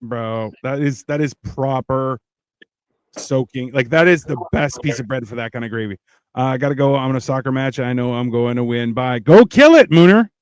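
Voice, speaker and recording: A man's voice: mid-range voice, moderate pace, clean tone, no room sound, clean studio sound. A man hosting a casual podcast who reads out viewer comments in a laid-back, wry, rambling way. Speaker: podcast host. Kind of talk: casual chat reading live comments.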